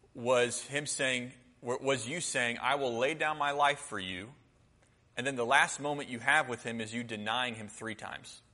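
A man's voice: medium pitch, pushed and bright, in a large hall. A man giving a conversational sermon, retelling scripture and acting out the lines of the people in it. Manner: conversational, acts out quotes. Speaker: preacher.

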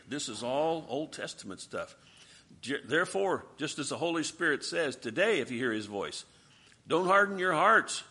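A man preaching a sermon, asking rhetorical questions with dramatic swings from soft to loud. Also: medium pitch, breathy edge.

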